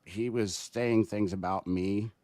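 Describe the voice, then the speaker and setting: Man, lower voice, dry close sound, rambling storyteller, guest on a casual podcast. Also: slow, dry recording. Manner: rambling, animated storytelling with restarts.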